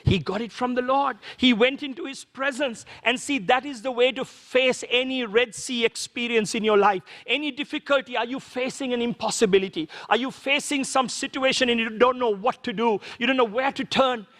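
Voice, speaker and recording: A man preaches a sermon as a pastor, his voice pitched notably high for a man. He talks to the congregation conversationally and keeps asking them rhetorical questions. His words ring out with a long reverb in a church hall. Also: normal speed, few pauses, a bit bright. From Sri Lanka.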